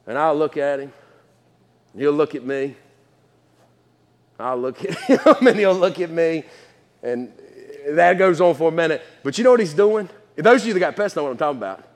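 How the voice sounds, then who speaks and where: A man with a high, light voice preaches a sermon in a reverberant church hall. His delivery is folksy and conversational, full of laughs, asides and repeated words. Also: animated, moderate pace, pauses often.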